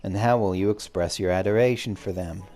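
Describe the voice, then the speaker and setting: A man's voice: low-pitched, a little fast, mellow, soft background music, voice pushed down, close to an everyday voice. A man reading as a chirpy little moogle courier. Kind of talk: reading game dialogue aloud.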